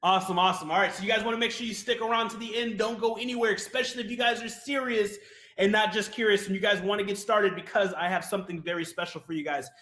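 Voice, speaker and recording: A man presenting a sales webinar, fast and hyped, often asking "right?" and talking to "you guys". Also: high-pitched, steady tone, bright, forceful tone, echoey room.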